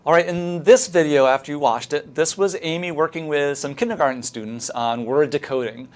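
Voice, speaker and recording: A man's voice: fairly high pitch, fairly quick. A man comments on a classroom reading video in an informal, explanatory way. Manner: informal, with fillers and restarts. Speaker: course presenter.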